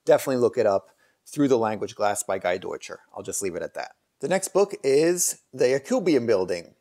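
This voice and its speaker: A man's voice: medium pitch, big pitch swings, brisk, warm tone. A man hosting a casual book review video, talking in a rambling, hesitant way with many fillers and restarts. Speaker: channel host reviewing books.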